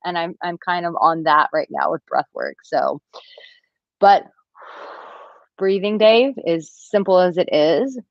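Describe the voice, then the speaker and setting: Answering live-stream viewers at a measured pace with long pauses, a dating and relationship coach in her thirties stays chatty and animated, voicing their quotes as playful squeaky impressions. Her voice sits a little low for a woman. She's in a villa room at home, and the dry, slightly dull sound has no room sound, like a webcam mic.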